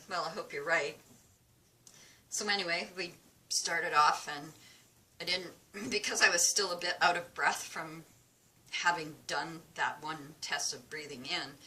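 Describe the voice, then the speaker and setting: A woman's voice: low voice, pushed and bright, slight background noise, rough recording. A woman vlogger telling a casual, chatty story at home, acting out both sides of a conversation. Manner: chatty, retells dialogue with quoted voices. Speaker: crafting vlogger. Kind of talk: casual storytelling while crafting.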